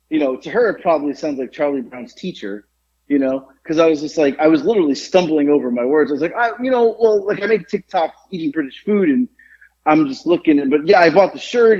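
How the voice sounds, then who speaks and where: A man rambles through a story on a casual podcast. His husky voice sits a bit high, and he trips over his words and circles back. The recording sounds dull and lo-fi. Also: a little mellow. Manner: rambling, stumbling over words with many fillers. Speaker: podcast co-host.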